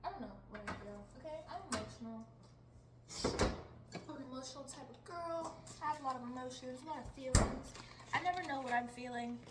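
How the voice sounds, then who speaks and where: A woman's voice: sits high, brisk, heavy background noise. A young woman in her teens talking casually in a rambling vlog, chatty and jumping between topics. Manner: chatty, jumps between topics, laughs often. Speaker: vlogger.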